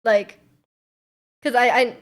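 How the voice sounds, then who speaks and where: A woman in her twenties chatting casually on a live stream, answering chat and thinking out loud with a giggly, rambling manner. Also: on the high side, steady tone, slow.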